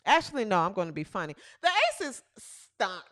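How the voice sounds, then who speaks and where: A woman hosting a comic sports talk livestream, mocking and animated, with exaggerated hollering. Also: mid-range voice, moderate pace, no echo. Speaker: show host.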